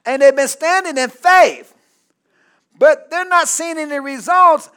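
A male pastor preaching a sermon, calling out to the congregation for responses and building up to shouted peaks. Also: very high-pitched, a little slow.

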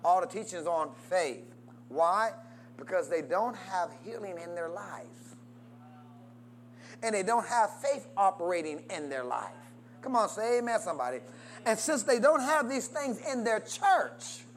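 A man delivers a sermon in a sing-song, unhurried voice, with a little noise in the background. He keeps firing questions at the congregation for them to answer and pushes them to say amen, preaching call-and-response style with wide swings in pitch and volume.

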